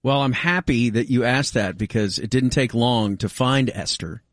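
A man's voice: mid-range voice, moderate pace, dry recording, clean studio sound. A man co-hosting a radio show, trading teasing comebacks in casual banter. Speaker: radio co-host.

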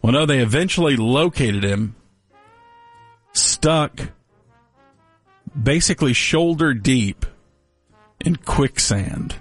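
A man's voice: mid-range voice, animated, slow, pauses often, dry recording. Male co-host, mid-range voice, loose, joking delivery over light music. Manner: rambling, wry, jokey. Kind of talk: casual news chat.

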